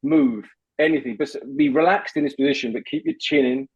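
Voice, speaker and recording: Husky voice coach on a dull call line. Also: male voice, on the high side, very animated, fairly quick. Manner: patient, instructive, repeats words when starting. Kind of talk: coaching a guest through voice exercises.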